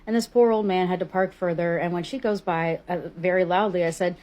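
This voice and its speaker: A woman's voice: on the low side, steady tone, a little fast, hardly any pauses, darkish tone. Blunt, profane woman ranting. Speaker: vlogger. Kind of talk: casual ranting storytime.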